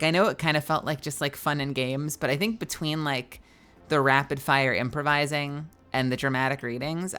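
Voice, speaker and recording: A young woman with a low-pitched, fairly bright voice is livestreaming, chatting casually with viewers and reading their messages aloud. She sounds tired, yawning and swearing now and then. Faint music plays behind her.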